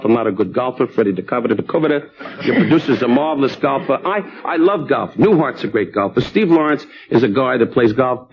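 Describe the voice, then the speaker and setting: A man in his fifties, a comedian guest on a talk show, rattling off insult jokes with mock sincerity. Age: 50s. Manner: rapid insult jokes, mock sincerity, high put-on voices in quotes. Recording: muffled old TV broadcast with hiss.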